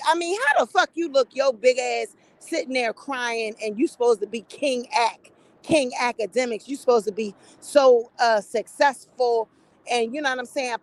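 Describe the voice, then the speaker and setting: A woman with a high voice talks in an unfiltered, profane way, with an animated, gossipy edge. She sounds middle-aged and speaks as a commentator holding forth to her viewers. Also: poor audio. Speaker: commentary vlogger. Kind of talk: casual opinion commentary.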